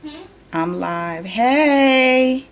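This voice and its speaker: A woman's voice: high-pitched, lively intonation, very slow, a little hiss or hum. A woman coaching on weight loss, chatting casually on a live stream from her phone and greeting her viewers by name with sing-song hellos.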